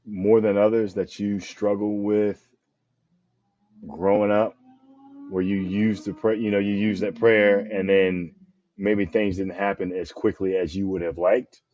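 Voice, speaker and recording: Deep-voiced male host, dull dry sound. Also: little pitch movement, a little mellow, no echo, soft background music. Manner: halting, frequent affirmations. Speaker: podcast host. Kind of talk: interviewing, affirming.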